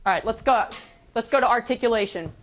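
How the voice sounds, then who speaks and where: Woman band teacher running class, brisk and bossy, counts off beats. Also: on the high side. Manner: brisk, directive, counting aloud. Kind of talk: classroom instruction.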